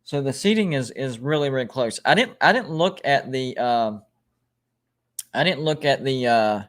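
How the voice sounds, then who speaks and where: During a relaxed sports livestream, a man chats casually at a middle pitch and normal speed, reading viewer comments aloud. He rambles through ranked lists and often stops to restart a phrase, correcting himself as he goes.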